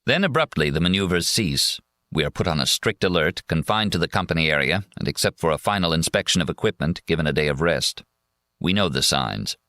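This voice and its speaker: A man reading a memoir audiobook in a measured, steady first-person narration. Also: low-pitched, dry recording, clean studio sound. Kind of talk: scripted narration.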